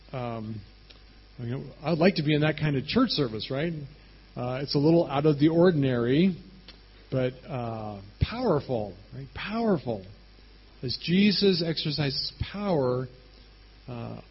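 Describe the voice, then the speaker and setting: A man preaching a sermon, telling the story in a casual, animated way and often checking in with "right?". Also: fairly high pitch, slightly rough, muffled recording. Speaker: pastor.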